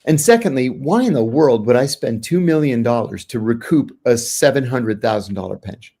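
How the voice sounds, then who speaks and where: A middle-aged American man, a former intelligence officer, tells a story as an interview guest, acting out the quoted lines with sudden jumps in pitch. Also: lively intonation, normal speed, creaky, mellow. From United States.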